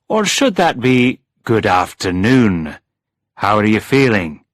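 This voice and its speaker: A man's voice: fairly low pitch, sing-song, takes it slowly, dry recording. A man reading a storybook and voicing a cheerful, teasing male police officer on the phone. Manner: teasing, dryly amused.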